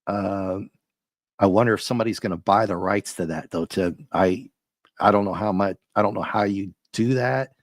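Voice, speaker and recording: A man hosting a live stream, chatting and ranting casually with viewers, his voice a little rough and often breaking into laughs. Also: on the low side, moderate pace, dry recording. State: slightly rough voice. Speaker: livestream host.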